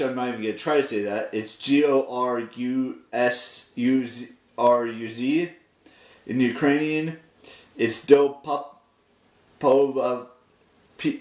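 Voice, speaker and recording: A man in his thirties talks through a casual daily vlog at an unhurried, halting pace, pausing to spell words letter by letter. His voice sits back from the microphone in a roomy, echoing space. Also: mid-range voice, a little mellow. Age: 30s. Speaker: daily vlogger. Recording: roomy echo, distant from the mic.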